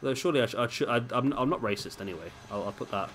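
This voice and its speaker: A man with a mid-range, expressive voice races through casual let's-play commentary over a wrestling video game, with soft background music. At home drinking beer while recording, he rambles chattily and drops self-deprecating asides.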